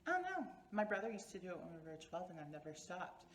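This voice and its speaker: A man's voice: high-pitched, very animated, quick pace, a bit bright, reverberant, slight background noise, voice pushed up. A man voicing an enthusiastic theater-loving young man in a screenplay reading, bubbly and theatrical.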